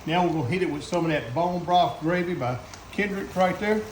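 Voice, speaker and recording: A man with a Southern US accent talks his way through a cooking demo in a high, bright voice, full of folksy exclamations. He sounds roomy and echoey, with clear background noise in the recording. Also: a little fast. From Southern United States. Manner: folksy, excited exclamations, talks to the camera operator. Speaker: host cooking on camera. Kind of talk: casual cooking demonstration.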